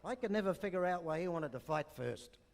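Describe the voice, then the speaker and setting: A man's voice: sits high, lively intonation, a little fast, vocal fry, slight background noise. Older New man telling jokes. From New Zealand. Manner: rambling joke-teller with asides. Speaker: comedian. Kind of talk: stand-up at an awards night. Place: stage at an awards night. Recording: long reverb in a hall.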